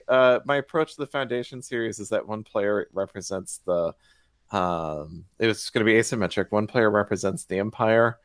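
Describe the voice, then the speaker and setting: A man with a low voice, talking through design ideas in a loose, rambling way. He restarts sentences often. The sound is dry and close, with no room echo. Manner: rambling, self-correcting, thinking aloud. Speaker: game designer. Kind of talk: livestream Q&A chat.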